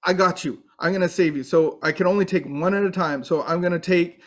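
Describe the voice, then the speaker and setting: Guy doing a friendly goose on a rescue mission, kinda high, talks fast. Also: fairly bright tone. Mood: reassuring.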